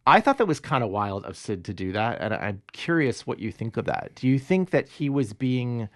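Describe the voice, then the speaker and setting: A man co-hosting a podcast talks through a TV episode with animated, swinging intonation, often acting out the characters' lines. His voice sits at a middle pitch. The sound is dry and close. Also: normal speed, dry recording. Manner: animated, acts out quoted lines, laughs often. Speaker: podcast co-host. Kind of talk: casual chat recapping a TV episode.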